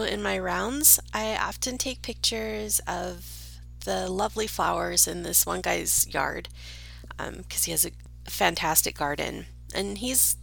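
A woman's voice: on the low side, gravelly, a bit bright, breathy edge. A woman co-host telling wry neighborhood stories in a casual, comic way, often dropping to a whisper for her asides.

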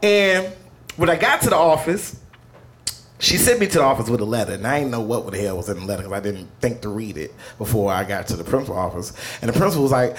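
A man's voice: on the high side, brisk. A man telling a funny personal story live, swearing freely and laughing as he talks. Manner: profane, animated, laughs mid-sentence.

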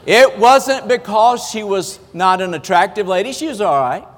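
Southern preacher guy, folksy storyteller, high voice that jumps all over, echoey hall. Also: expressive, normal speed, a bit bright, slight background noise. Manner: folksy, storytelling, self-deprecating humor. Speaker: pastor. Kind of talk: sermon.

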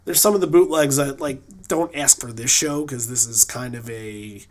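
A man co-hosting a podcast in casual chat. His voice sits at an everyday medium pitch. He rambles loosely, restarting sentences and filling pauses as he goes. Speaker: podcast co-host. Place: lives in New England.

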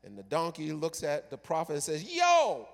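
A male pastor delivering a sermon with dramatic storytelling that swings from loud to hushed. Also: fairly high pitch, expressive, fairly quick, gravelly, long reverb tail.

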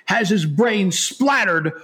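A guy doing a stern highway cop chewing out a speeder, slow and scolding, pitched a bit higher than his normal voice. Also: lively intonation, a bit bright, exaggerated voice.

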